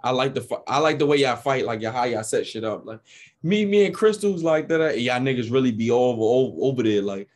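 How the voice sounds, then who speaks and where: A man's voice: medium pitch, lively intonation, brisk. A man with a New York accent in casual chat, blunt and profane, telling stories animatedly.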